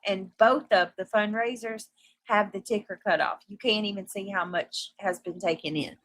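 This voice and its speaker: A woman's voice: mid-range voice, fairly even intonation, moderate pace, fairly bright tone, no room sound. Rambling woman in casual chat. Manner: loose, repeats herself, trails off. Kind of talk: casual livestream gossip chat.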